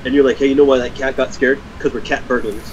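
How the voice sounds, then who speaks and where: A man's voice: medium pitch, steady tone, fast. A man casually recalling an old memory in conversation. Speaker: podcast co-host. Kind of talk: casual chat. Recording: dull lo-fi with noise.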